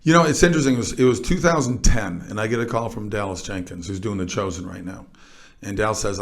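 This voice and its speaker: A middle-aged man with a fairly low voice, telling his story as an interview guest. He talks in a lively, storytelling way, stumbling and restarting now and then as he gets going. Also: fast. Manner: animated storyteller with small restarts.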